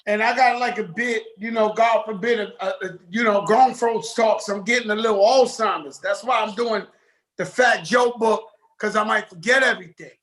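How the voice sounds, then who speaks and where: Joking New York man, high bright voice. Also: normal speed. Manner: loose, joking, rambling. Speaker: guest. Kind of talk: casual interview talk. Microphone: video call.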